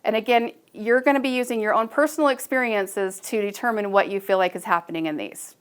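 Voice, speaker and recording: A woman giving a recorded staff training talk, measured and instructive, with frequent ums and uhs. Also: medium pitch, smooth.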